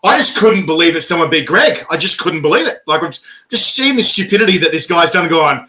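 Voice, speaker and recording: A man hosting a casual interview, animated, laughing often and swearing freely. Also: fairly high pitch, fairly quick. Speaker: host.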